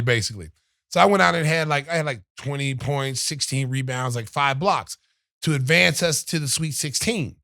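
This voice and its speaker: Medium-pitched and brisk, a middle-aged podcast host speaks with studio quality and no room sound. He spins a story in relaxed chat, animatedly acting out others' words.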